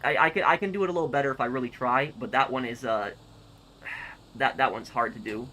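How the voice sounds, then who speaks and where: A man streaming and reading comments aloud in casual chat, halting and repeating words as he goes. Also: mid-range voice, pushed and bright, slight background noise, low-quality recording.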